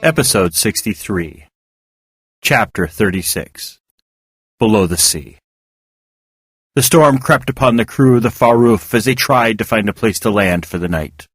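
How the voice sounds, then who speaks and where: Expressive male audiobook narrator. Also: fairly low pitch, unhurried, long pauses, slightly rough, no room sound, studio quality, soft background music. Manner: expressive reading.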